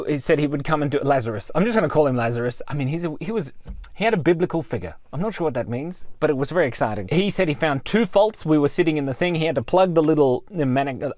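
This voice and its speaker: A man's voice: a little high, dry recording, studio quality. A man telling a long, rambling story in a casual vlog, amused at himself. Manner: animated, rambling, self-amused. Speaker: vlogger.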